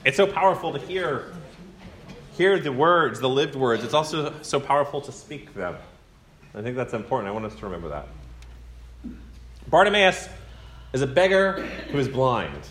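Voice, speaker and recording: A man's voice: mid-range voice, expressive, moderate pace, pauses often, fairly bright tone, reverberant, slight background noise. A man preaching a conversational sermon to his congregation, telling a story and acting out the quoted voices. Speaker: pastor. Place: church sanctuary.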